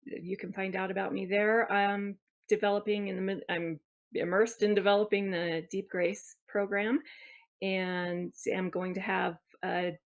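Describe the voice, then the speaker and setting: A woman guest on a podcast speaks at a middle pitch. She sounds earnest and a little hesitant, filling her pauses with ums as she explains her work. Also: level tone. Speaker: guest, wellness copywriter and coach. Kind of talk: casual interview chat.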